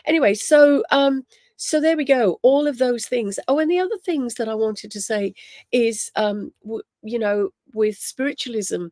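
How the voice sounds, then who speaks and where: A woman's voice: on the high side, moderate pace, a little mellow, dry recording, studio quality. A woman hosting a casual livestream on spiritual topics, telling stories with lots of ums and greeting viewers by name.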